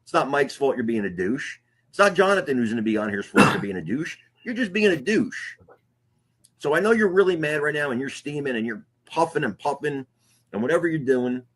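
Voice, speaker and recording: A man's voice: medium pitch, sing-song, a little fast, fairly bright tone, husky. A man delivering a profane, scolding rant on a podcast. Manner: scolding, swears heavily. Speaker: podcast co-host.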